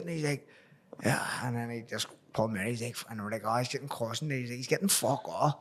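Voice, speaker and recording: A man's voice: medium pitch, fast talker, a bit bright. A man with a Belfast accent hosting a podcast, telling profane stories in casual chat and acting out the voices in them. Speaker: podcast host.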